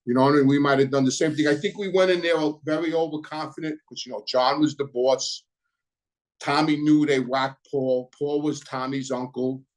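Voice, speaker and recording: A man's voice: fairly high pitch, steady tone, moderate pace, low-quality recording. Middle-aged man telling a rambling story. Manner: rambling, repeats himself, heavy on "you know". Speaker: host recounting his past. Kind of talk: casual storytelling monologue.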